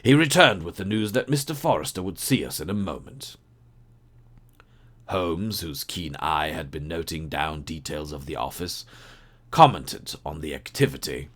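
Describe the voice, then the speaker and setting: Deep-voiced male audiobook narrator. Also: lively intonation, moderate pace, a bit bright. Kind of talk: storytelling narration.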